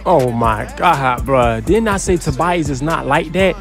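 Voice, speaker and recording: A young man giving casual, excitable gameplay commentary, trash-talking and breaking into loud yells. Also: fairly high pitch, unhurried, faint music behind. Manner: excitable trash talk, bursts into yelling. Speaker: gaming YouTuber.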